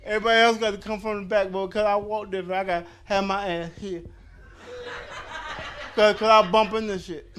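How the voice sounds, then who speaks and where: A man's voice: high-pitched, little pitch movement, a little fast, a bit bright. A man in his fifties doing a stand-up comedy set, telling loose, profane stories full of fillers and restarts. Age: 50s. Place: comedy club stage with a live audience.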